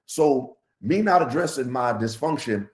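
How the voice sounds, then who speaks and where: Animated man with a lively voice. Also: measured pace. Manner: animated storytelling, pitch jumping high on punchlines. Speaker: podcast guest. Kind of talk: casual podcast chat.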